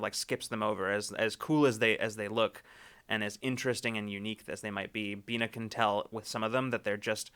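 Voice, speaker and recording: Male game master, bright and crisp; rambly, restart-heavy narration. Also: fairly low pitch. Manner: rambling, many restarts and fillers.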